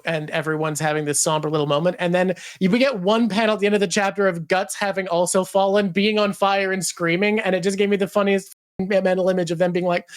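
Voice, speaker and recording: Lower-voiced analytical woman host. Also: fairly even intonation, a little fast. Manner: thoughtful, analytical, breaks into playful voices. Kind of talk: casual chat, comics discussion.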